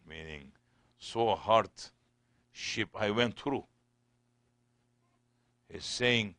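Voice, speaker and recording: Slow, low-voiced sheikh giving a sermon. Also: male voice, fairly bright tone, no room sound. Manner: storytelling, simple non-native English.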